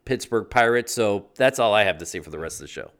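A man's voice: lowish voice, animated, fast talker, a bit bright. A man hosting a podcast, plainly announcing the guests. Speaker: podcast host. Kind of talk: introducing guests.

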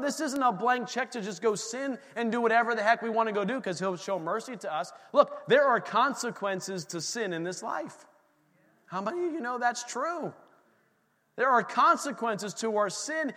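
Pastor guy preaching, high voice, lots of energy and jokes, big echoey church. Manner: animated preaching with asides and humor. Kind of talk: sermon. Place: church sanctuary. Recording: long hall reverb from a church room.

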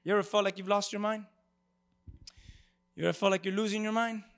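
Man preaching, high voice, gravelly edge, animated, calls on the congregation. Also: fairly quick. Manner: animated, talks to the congregation with call-and-response. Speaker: pastor. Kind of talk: sermon. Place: church before a congregation.

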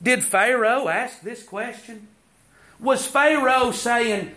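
A man's voice: very high voice, slow pace, bright, forceful tone. A man preaching a sermon, asking rhetorical questions and reading scripture.

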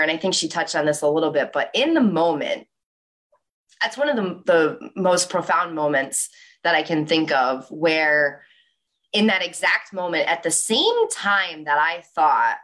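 A young woman giving a motivational talk, telling a personal story in an animated way with lots of "like". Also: lowish voice, unhurried. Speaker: speaker.

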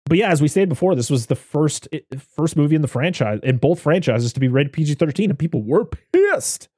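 A man's voice: fairly high pitch, big pitch swings, a little fast, warm tone, no room sound. Man, podcast host, loose rambling film chat, dry close sound. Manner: rambling, laughs often. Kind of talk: casual film review chat.

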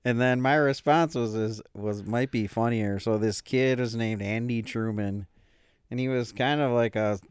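A man's voice: mid-range voice, normal speed, smooth, no echo, clean studio sound. A man co-hosting a podcast, telling rambling joking stories in casual chat. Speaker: podcast co-host.

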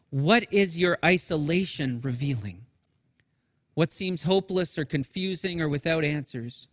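High-voiced man preaching with long reverb. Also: clean studio sound. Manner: earnest preaching, soft and low in reflective passages. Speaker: pastor. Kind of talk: Easter sermon streamed to people at home.

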